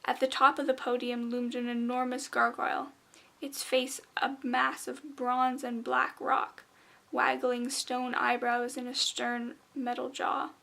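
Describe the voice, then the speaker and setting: A woman reading a children's fantasy book aloud in a measured, expressive way. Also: high-pitched, creaky. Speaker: audiobook reader. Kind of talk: storybook narration.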